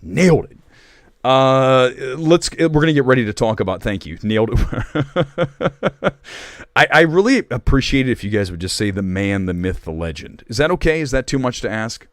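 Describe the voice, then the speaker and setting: A man's voice: mid-range voice, lively intonation, brisk, no room sound, clean studio sound. A man hosting a live stream of movie talk, joking and rambling as he reads viewer comments. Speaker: host.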